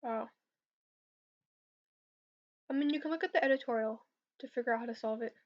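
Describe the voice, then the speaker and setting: Young woman, high voice, casual livestream coding Q&A, hesitant and filler-heavy, slightly dull lo-fi audio. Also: a little fast. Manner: hesitant, filler-heavy, answers chat questions. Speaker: competitive programming streamer.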